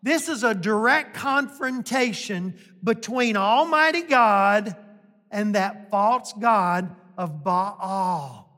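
A pastor from delivers a sermon at a slow, deliberate pace. The manner is folksy and emphatic, hammering points home through repetition. The voice carries a long reverb, as if it is filling a big church sanctuary. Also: mid-range voice, animated, a bit bright. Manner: emphatic and folksy, repeats points, often asks "right?".

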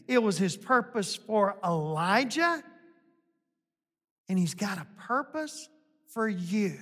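A pastor from delivers a sermon at a slow, deliberate pace. The manner is folksy and emphatic, hammering points home through repetition. The voice carries a long reverb, as if it is filling a big church sanctuary. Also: medium pitch, fairly bright tone. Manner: emphatic and folksy, repeats points, often asks "right?".

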